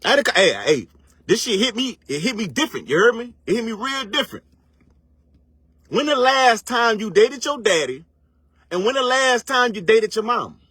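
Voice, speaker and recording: A man's voice: very high-pitched, expressive, fairly bright tone, husky, no room sound. A man giving a casual, profane motivational rant, full of slang and rhetorical questions, stretching words for emphasis. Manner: preachy, drawn-out emphasis. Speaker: online commentator.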